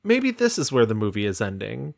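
A man's voice: mid-range voice, wildly swooping pitch, a little fast, vocal fry. A man co-hosting a film review podcast, talking in a dry, analytical way. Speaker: podcast co-host. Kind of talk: casual film review chat.

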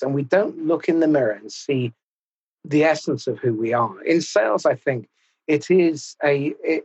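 A man hosting a podcast, talking in a measured, thoughtful and slightly formal way. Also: mid-range voice, slightly rough, dull audio. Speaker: podcast host. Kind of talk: reflective interview talk.

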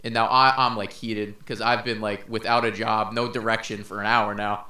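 A man's voice: little pitch movement, moderate pace, sharp tone. Young male podcast co-host, laid-back storyteller, profane, roomy sound. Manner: laid-back, swearing, low-key storytelling. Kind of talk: casual storytelling chat.

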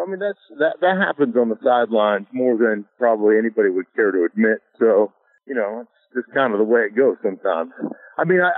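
A man's voice: medium pitch, no echo. A middle-aged man from Alaska, a former pro football lineman, telling stories in a casual interview, easygoing and chuckling, full of "you know" fillers. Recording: tinny dry phone line.

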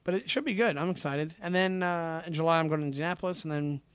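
Fast-chatting comedian guest, dry sound. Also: male voice, on the high side, smooth, dry recording. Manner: chatty, searches for words. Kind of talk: casual chat.

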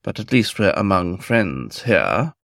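A man voicing an older, tender and protective male lover in a storybook reading, speaking softly and soothingly. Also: sits low, sing-song, unhurried, gravelly, no echo, clean studio sound, full character voice.

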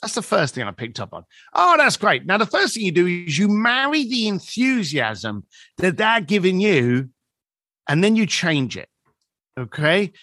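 A man's voice: sits high, moderate pace, no room sound, studio quality. A man telling a story as a podcast guest, acting out the dialogue as he goes. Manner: animated storyteller who acts out quoted dialogue.

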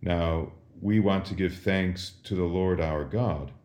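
Very deep, slow-spoken priest teaching Latin. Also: male voice, a little mellow. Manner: patient, deliberate, pauses for the listener to answer. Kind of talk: slow catechism lesson with call and response. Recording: roomy echo.

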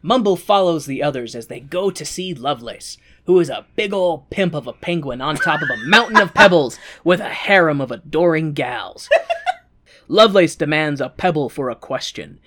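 A woman's voice: sits low, animated, moderate pace, fairly bright tone. A woman co-hosting a podcast, giving a casual, joking movie recap with playful swearing. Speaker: podcast co-host.

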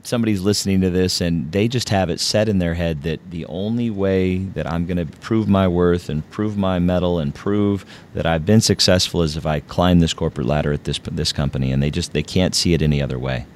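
Deep-voiced male interview host. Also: a little mellow, slight background noise. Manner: halting, with many restarts while framing questions. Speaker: podcast host. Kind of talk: conversational interview.

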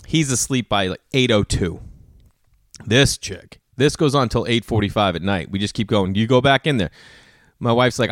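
A man's voice: on the low side, normal speed, dry recording, studio quality. A man hosting a podcast, chatting casually on his own and acting out family conversations as he tells stories, cursing freely. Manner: animated storyteller who acts out family dialogue; loose, swears casually. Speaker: podcast host. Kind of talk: casual solo monologue.

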